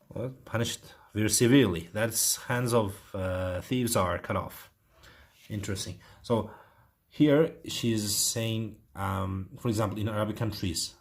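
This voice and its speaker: A man's voice: low-pitched, slightly rough. A man with an Uzbek accent, teaching IELTS writing and thinking aloud with many fillers as he corrects an essay.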